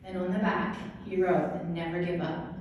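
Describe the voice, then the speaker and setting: A woman telling a personal story as a motivational talk to an audience, lively and laughing often. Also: on the low side, moderate pace. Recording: echoey hall from far off, faint noise.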